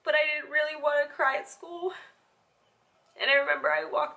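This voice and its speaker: High, bright-voiced young woman confiding. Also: flat delivery, gravelly. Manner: halting, emotional, drops to near-whispers. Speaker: vlogger. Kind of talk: confessional personal vlog.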